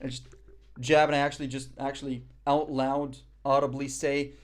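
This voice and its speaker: A man's voice: mid-range voice, level tone, normal speed. A young man from Morocco chatting casually on a live stream, reading the chat and making self-mocking jokes. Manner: joking, self-mocking banter.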